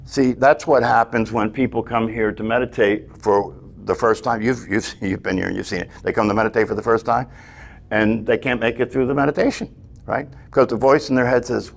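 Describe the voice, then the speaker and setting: A man's voice: mid-range voice, fairly even intonation, fairly quick, gravelly. A man teaching a meditation class, talking earnestly, often checking in with "right?" and restarting his phrases.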